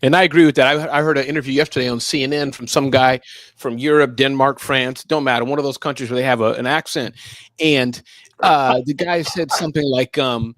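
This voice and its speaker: A man's voice: mid-range voice, fairly even intonation, a little fast, a bit bright, no echo. A man co-hosting a casual chat, talking loosely with slang and laughter. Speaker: co-host.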